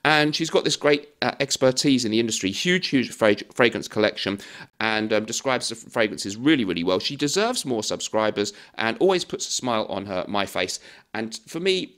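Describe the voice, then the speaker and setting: Man in his 40s, low-pitched, talks casually and rambles with self-deprecating asides in a video review. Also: lively intonation, moderate pace, fairly bright tone. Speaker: fragrance YouTuber.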